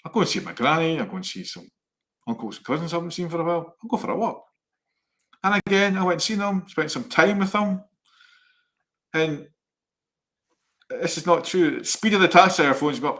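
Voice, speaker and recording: A middle-aged man co-hosting a chat show, telling rambling personal anecdotes in a lively way. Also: on the high side, a little fast, long pauses. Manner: animated, rambling anecdotes with laughs. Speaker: co-host. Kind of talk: casual storytelling chat.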